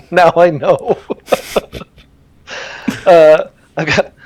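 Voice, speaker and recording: A man's voice: on the high side, fairly even intonation, drawn-out words, a little mellow, no room sound. A man as a player in a tabletop game, talking in character in a sly, businesslike way over a video call.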